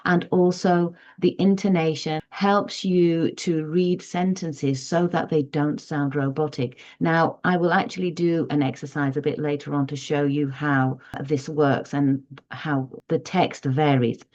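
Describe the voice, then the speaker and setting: A woman's voice: sits low, steady tone, a little slow, hardly any pauses, a little mellow, lo-fi sound. A woman teaching parents in an online lesson, patient and explanatory, stressing key terms as she goes. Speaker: parent tutor.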